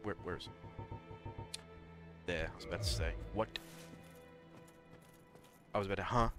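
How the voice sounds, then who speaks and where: Deep-voiced man muttering over gameplay. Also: moderate pace, music in the background. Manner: muttering, self-scolding and talking to chat. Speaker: streamer. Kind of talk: live gameplay commentary.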